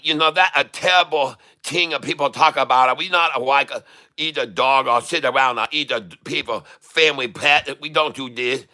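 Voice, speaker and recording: A man's voice: mid-range voice, pushed and bright. A man putting on an exaggerated fake Chinese accent in broken English, teasing and giggling between lines.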